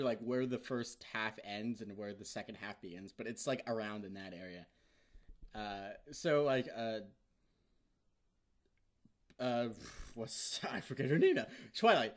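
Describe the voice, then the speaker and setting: Rambling, excitable man recapping an episode. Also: on the low side, moderate pace. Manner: excited, rambling, heavy swearing and filler words. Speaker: vlogger reviewing an episode.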